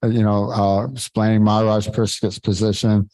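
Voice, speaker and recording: A man leading a devotional scripture class, talking informally and haltingly, searching for words and chuckling between points. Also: fairly low pitch, little pitch movement, warm tone, no room sound, rough recording.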